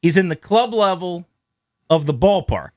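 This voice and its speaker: A man hosting a sports radio show, telling a story in a lively, animated way and acting out the quotes in it. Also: sits high, moderate pace, no room sound, clean studio sound. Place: radio studio. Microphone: studio mic.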